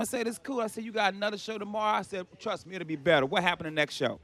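A man's voice: high-pitched, steady tone, very fast, a bit bright, soft background music. A man who is a guest comedian on a podcast in a comedy club, telling stories and insisting on his turn to talk. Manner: storytelling, insistent. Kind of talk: casual podcast banter.

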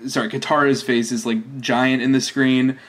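A man's voice: mid-range voice, level tone, moderate pace. A man co-hosting a podcast, discussing a film in a casual, chatty way with frequent laughs and fillers. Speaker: podcast co-host.

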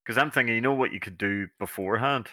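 A man's voice: lowish voice, quick pace, bright, forceful tone, no echo. A man co-hosting a podcast, chatting about wrestling in a laid-back, wry way with short replies and laughs. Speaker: podcast co-host. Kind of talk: casual wrestling chat.

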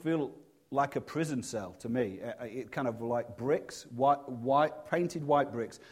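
A middle-aged man preaching a sermon, earnest and halting, with many restarts, dropping to a hush for personal stories. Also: fairly high pitch.

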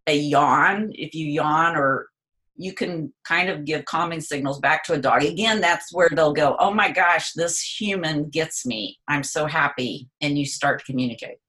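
Woman with a low but bright crisp voice, explains dog stuff calmly, chatty on a call line. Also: moderate pace. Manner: explanatory, acts out a dog's thoughts in quotes. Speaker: pet behavior expert guest. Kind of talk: conversational interview.

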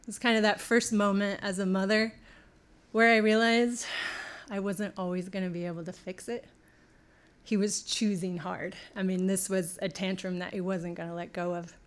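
A middle-aged woman giving a talk, telling a personal story and acting out the dialogue. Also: medium pitch.

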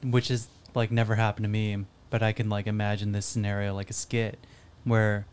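A man's voice: fairly low pitch, flat delivery, normal speed, a little mellow. A man co-hosting a podcast, chiming in with laid-back casual chat.

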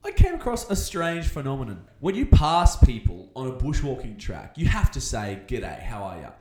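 A young Australian man co-hosting a podcast, telling jokey stories in a casual, animated way. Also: on the high side, normal speed, a little hiss or hum. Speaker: podcast co-host. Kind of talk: casual chat, storytelling. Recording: echoey room.

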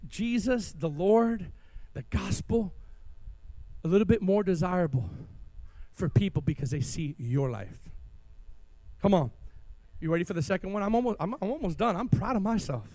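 A man preaching an energetic sermon as pastor in a church, calling on the congregation to respond. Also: high voice, dry recording.

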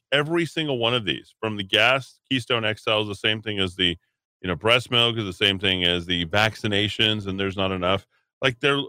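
Talk radio host, man, low voice with a crisp forceful edge, rambling delivery from the studio. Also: no room sound. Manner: rambling, many hesitations and restarts. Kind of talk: opinionated talk radio monologue.

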